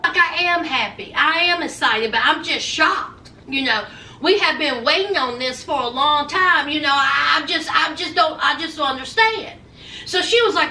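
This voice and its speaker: A woman's voice: sits high, animated, moderate pace, pushed and bright, echoey room, far from the mic, slight background noise. A woman giving sassy, dramatic commentary in a TV recap vlog, full of folksy slang. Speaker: reality TV recap vlogger.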